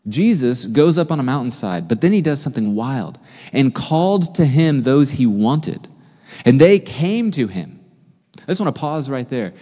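Male pastor, mid-pitched and warm, chatty sermon delivery, long church reverb. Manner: conversational, animated, asks the congregation questions. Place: church sanctuary.

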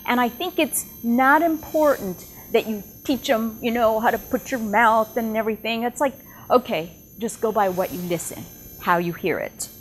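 A woman presenting at a teaching workshop, speaking deliberately and enunciating sounds carefully as she demonstrates. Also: a little high, a little hiss or hum. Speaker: ESL tutor trainer presenting at a workshop. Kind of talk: workshop presentation with live demo. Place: workshop room with whiteboard.

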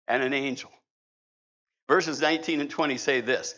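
Pausing often, a middle-aged man preaches from the church sanctuary with a bright, forceful, mid-range voice at a moderate pace. His sermon is humorous and conversational, recorded in slightly dull, lo-fi quality.

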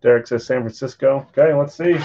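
Talking fairly quickly in a mellow, medium-pitched voice, a tired, yawning man hosts a live card break, chatting casually between calling bids and sales. The lo-fi stream audio is slightly dull with a little hiss or hum.

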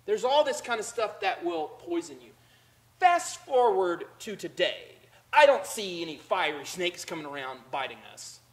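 Guy preaching a sermon in a church, kinda high voice, chatty, acts out little voices. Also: big pitch swings, normal speed, poor audio. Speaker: pastor. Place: church sanctuary.

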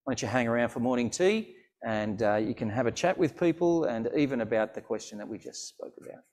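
A man leading an online church service, speaking in a slow, earnest pastoral way from a church. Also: medium pitch, animated, a little mellow.

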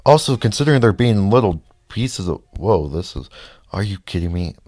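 A man giving casual gameplay commentary, reacting loudly to the race and muttering frustrated asides. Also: on the low side, animated, normal speed, dry recording, studio quality. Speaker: let's play gamer.

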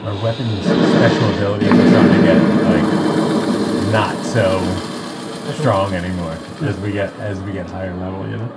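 A man's voice: low voice, steady tone, normal speed, loud music behind the voice, rough recording. A man playing in a tabletop game, chatty, musing about rules and laughing between lines. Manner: chatty, laughs, muses aloud. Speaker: player. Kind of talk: casual tabletop game play. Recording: loud background noise.

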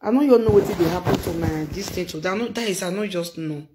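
A Nigerian-accented vlogger reacts to online gossip in a loose, exclamatory way, repeating phrases and calling out to viewers. The pitch sits in a middle range. The voice bounces around a roomy, echoey space. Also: rapid-fire, very noisy. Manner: exclamatory, repeats phrases, mixes Pidgin and Yoruba. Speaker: social media commentator. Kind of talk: casual reaction commentary.

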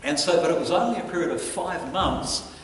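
A man preaching a sermon as pastor, telling stories in an animated way and chuckling between lines. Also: a little high, fairly quick, slight background noise. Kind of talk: storytelling sermon. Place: church hall. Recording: echoey church hall from a distance.

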